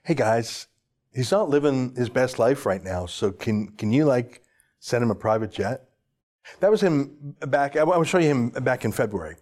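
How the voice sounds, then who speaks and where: Male commentator, sarcastic and emphatic, very animated pitch. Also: normal speed. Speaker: political commentator. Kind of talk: opinionated news commentary.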